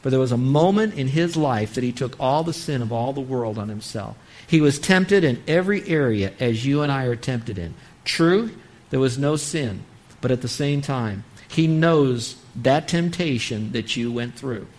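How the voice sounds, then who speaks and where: A man's voice: medium pitch, animated, normal speed, darkish tone. A man preaching a sermon on parenting, earnestly acting out what a parent might say. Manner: earnest, acts out parent-child dialogue. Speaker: pastor.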